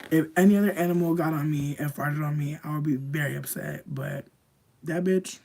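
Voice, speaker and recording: A young woman telling a long personal story to a livestream in casual, profane slang, padding her talk with "like" and swinging between hushed asides and loud bursts. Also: sits low. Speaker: streamer.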